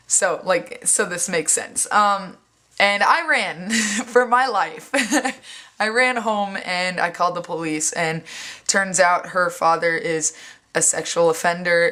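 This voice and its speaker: A young woman vlogging casually, acting out quoted lines and swearing bluntly, with lots of "like". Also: on the low side. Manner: animated, acts out other people's lines in quoted voices; frequent "like" fillers, blunt and sweary. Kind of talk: casual storytelling vlog.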